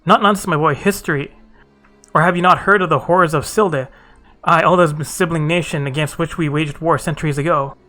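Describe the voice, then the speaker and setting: A man voicing a grieving, suspicious old mother who nags with drawn-out taunts. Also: a little high, pushed and bright, soft background music. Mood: ominous.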